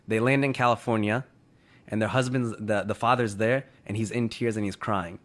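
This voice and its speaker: Low-voiced man retelling a story casually. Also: steady tone, moderate pace. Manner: conversational, heavy on "you know" and "like".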